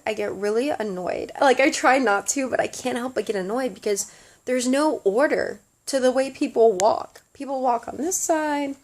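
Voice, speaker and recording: Young woman, Southern American accent, casual vlog chat, giggly, filler-heavy, slightly high voice. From Southern United States. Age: young adult. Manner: chatty, giggly, lots of fillers. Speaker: study abroad student vlogger.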